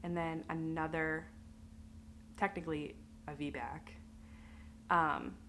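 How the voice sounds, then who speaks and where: Bright-voiced woman telling a raw personal story. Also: low voice, fairly even intonation, takes it slowly, a little hiss or hum. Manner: emotional, candid, with many fillers. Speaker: vlogger telling her birth story.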